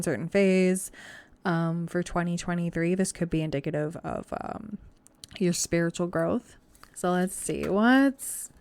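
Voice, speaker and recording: A woman's voice: lowish voice, darkish tone, no room sound. A woman giving a casual, encouraging tarot reading to camera, chatty and reassuring, with frequent fillers. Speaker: tarot reader.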